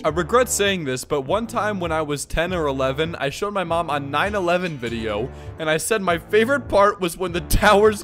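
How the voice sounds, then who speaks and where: A man hosting a comedic video, reading posts aloud with sarcastic, animated commentary and frequent laughs. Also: on the high side, brisk, faint music behind. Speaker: YouTube host.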